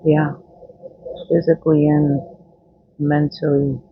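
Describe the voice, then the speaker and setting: Blunt, profane woman with a gravelly voice. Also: deep voice, little pitch movement, slow, a little hiss or hum. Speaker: vlogger. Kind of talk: unscripted monologue. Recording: dull, dry, lo-fi sound.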